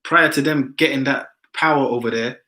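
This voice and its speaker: Man, London accent, emphatic, casual religious discussion, mid-pitched voice. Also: moderate pace, bright, forceful tone, low-quality recording. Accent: London English. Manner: emphatic, repeats "man" often. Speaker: discussion participant.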